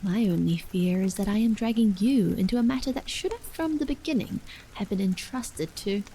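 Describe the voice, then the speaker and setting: A woman's voice: mid-range voice, normal speed, mellow, slight background noise, lightly acted, poor audio. A woman whispering as a grieving anxious mother, whispered role-play. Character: anxious middle-aged mother, grieving and stern.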